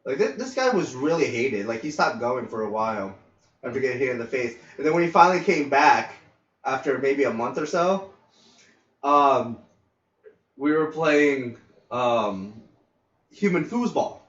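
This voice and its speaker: A man's voice: mid-range voice, expressive, unhurried, a bit bright. A man co-hosting a podcast, telling a long work story in a rambling casual way, with many fillers and some swearing. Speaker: podcast co-host. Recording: roomy, distant, dull lo-fi mic.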